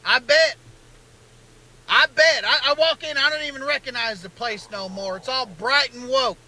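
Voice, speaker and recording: A man's voice: very high-pitched, moderate pace, sharp tone, heavily acted, poor audio. A comedian playing an indignant Southern man ranting about his favorite restaurant, in a folksy Southern drawl. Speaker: comedian in a satirical clip.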